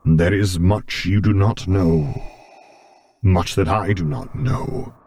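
A man voicing a remorseful, ashamed armored man who speaks in halting, formal phrases. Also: low-pitched, fairly even intonation, a little mellow. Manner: halting, formal, hesitant speech.

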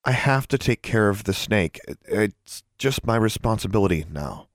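A man's voice: on the low side, animated, moderate pace, dry recording, clean studio sound, natural voice. A man voicing a stubborn but kind teenage girl at a school for witches, speaking earnestly and directly.

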